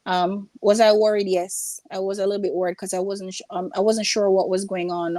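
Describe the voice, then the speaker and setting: A woman's voice: medium pitch, a little fast, dry recording. A Jamaican woman, a business owner, telling stories in a casual interview and acting out the voices of the people in them. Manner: animated storyteller, acts out voices in quotes. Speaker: guest entrepreneur.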